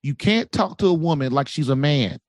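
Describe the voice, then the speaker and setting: Preachy male advice-giver, lively delivery, raised pitch, dry recording. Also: fairly quick, dry recording. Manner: preachy, acts out quoted voices. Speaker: podcast guest, relationship coach. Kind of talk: animated advice talk.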